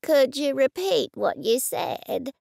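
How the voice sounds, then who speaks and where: A woman voicing a vague, rambling elderly man in his eighties in a storybook reading, speaking slowly and softly. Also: high voice, very animated, gravelly, husky, dry recording, studio quality, full character voice. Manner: slow, soft, rambling.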